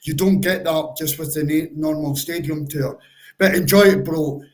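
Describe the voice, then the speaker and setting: Bloke on a fan stream, fairly high voice, rambling advice, keeps saying bro. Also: male voice, steady tone, normal speed, rough recording. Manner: chatty, gives step-by-step advice, stop-start phrasing; calls listeners bro. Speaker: co-host of a football fan livestream. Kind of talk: casual chat.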